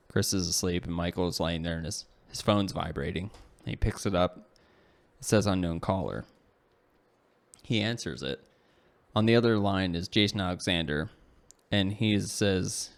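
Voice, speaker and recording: Low-voiced man telling a story casually. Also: moderate pace. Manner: rambling, full of "like" and "you know"; self-correcting, self-deprecating asides. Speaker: podcast co-host.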